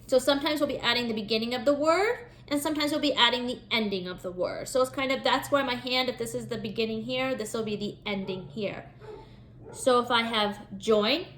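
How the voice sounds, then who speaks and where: A woman teaching a first-grade phonics lesson from home, sounding out word parts slowly and clearly for parents and children. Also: a little high, fairly bright tone, slight background noise. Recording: echoey room.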